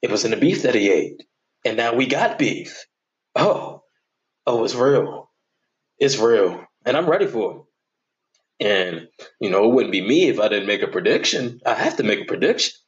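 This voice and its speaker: A man's voice: medium pitch, very animated, normal speed, lo-fi sound. A man hosting his own sports podcast, chatting casually and animatedly as he jokes through his predictions and picks.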